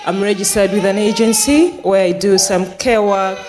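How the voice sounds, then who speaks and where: A woman care worker giving a church testimony, telling her story lively and acting out the dialogue. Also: mid-range voice, normal speed, noisy background.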